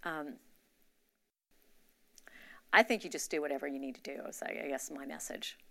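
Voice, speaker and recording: At a church gathering, a woman shares a candid, confessional testimony in a conversational way. Her low voice has vocal fry and a pushed, bright quality, her pace is normal, and the recording is dry.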